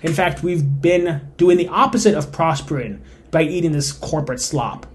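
A man hosting a solo podcast, giving emphatic, opinionated commentary that swings between loud stressed points and quiet asides. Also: fairly high pitch, moderate pace. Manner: suppressing laughter while reading. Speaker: podcast host.

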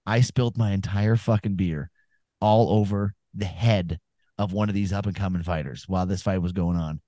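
A man's voice: low voice, fairly even intonation, normal speed, mellow, no echo. A man co-hosting a casual sports podcast, telling rambling, profane stories and giving fight picks. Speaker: podcast co-host.

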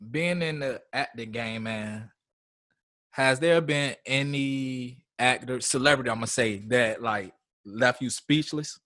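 A man interviewing a guest, asking questions slowly in a laid-back way. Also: medium pitch, pushed and bright, dry recording, clean studio sound. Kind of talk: casual interview.

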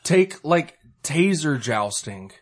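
Brief: excitable male podcast co-host, husky, lively up-and-down delivery, laughs a lot. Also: takes it slowly. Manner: excitable, laughs often, pitches wild ideas. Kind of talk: casual chat.

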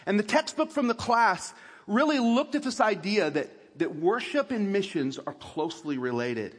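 A man's voice: high voice, expressive, normal speed, slightly rough. A male pastor preaching a sermon, reading scripture aloud and then explaining it in a loose, self-correcting way. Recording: long reverb of a large hall.

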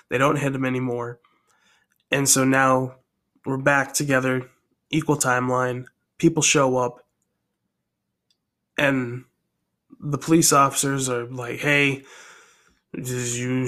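A man casually tells a story he is still working out. He rambles and thinks aloud, often pausing to decide what happens next. His voice sits at an ordinary middle pitch. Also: a bit bright. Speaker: storyteller sharing his own story ideas.

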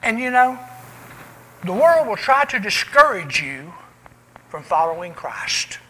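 A man preaching a sermon in a church, swinging from loud cries down to hushed, quiet lines. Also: sits high, low-quality recording.

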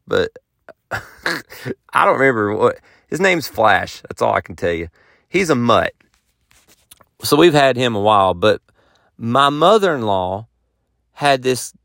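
A man's voice: medium pitch, a bit bright, dry recording, studio quality. A man hosting a podcast, telling a rambling, self-mocking story in a folksy, casual way. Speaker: podcast host and touring musician.

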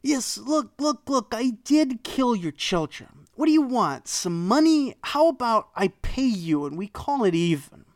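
A slippery, fast-talking eagle who waves away his crimes and haggles like a street trader, as a narrator puts him on. His voice jumps up high and sits close and dry, as if told straight into the ear. He sounds eager and glib, always angling for a deal. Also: sing-song, no room sound. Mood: wheedling. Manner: glib, bargaining, pleading. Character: sly wheedling male eagle, a betrayer. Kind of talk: storytelling.

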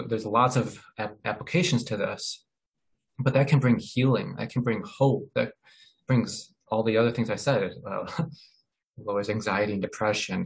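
A man presenting in a webinar, explaining ideas in a halting way with many fillers and restarts. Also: on the low side, rough recording. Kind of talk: informal educational talk.

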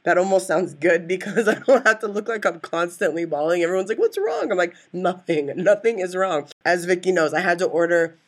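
Woman cohost, kinda low voice, rambles, teases, laughs a lot. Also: steady tone, fast, few pauses. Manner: rambling, laughs often, teasing. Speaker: podcast co-host. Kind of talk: casual chat.

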